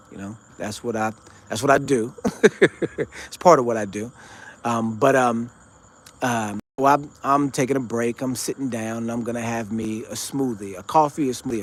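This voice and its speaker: A man's voice: mid-range voice, slight background noise. A man hosting his own show, telling a story in a rambling, conversational way with lots of fillers and restarts. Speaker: show host recounting an encounter. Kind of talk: casual storytelling monologue.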